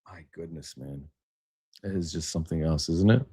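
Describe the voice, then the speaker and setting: A man's voice: extremely low pitch, normal speed, warm tone, slightly rough, no room sound, studio quality. A man hosting a casual livestream, rambling and emphatic, reading aloud and then riffing on it. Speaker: livestream host. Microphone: webcam setup.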